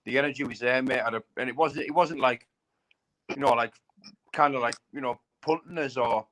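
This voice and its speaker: A man in his late thirties chats in a casual live stream, blunt and rough-edged, keeps dropping slang and "you know what I mean". His voice sits at an ordinary middle pitch for a man. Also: a little fast, sharp tone, low-quality recording. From England. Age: 30s. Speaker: bare-knuckle fighter.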